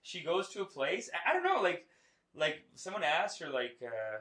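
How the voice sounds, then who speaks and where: A man chatting casually as a podcast co-host in a small studio, animated and laughing often. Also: fairly high pitch, moderate pace, echoey room, a little hiss or hum. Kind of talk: casual chat.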